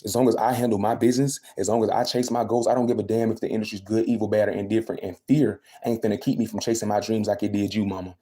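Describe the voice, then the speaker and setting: Fast-talking young man venting on a livestream. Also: lowish voice, level tone, warm tone. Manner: venting, emphatic, repeats himself. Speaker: livestreaming vlogger. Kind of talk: casual livestream rant.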